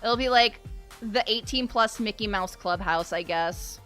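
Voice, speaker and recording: A young woman streamer chatting casually with her viewers, animated and playful, swearing freely and laughing often. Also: medium pitch, unhurried, soft background music. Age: young adult. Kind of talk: casual livestream chat.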